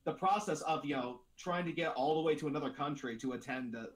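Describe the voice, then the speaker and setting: A man's voice: on the high side, fast talker. A man co-hosting a casual chat, asking rambling questions full of false starts.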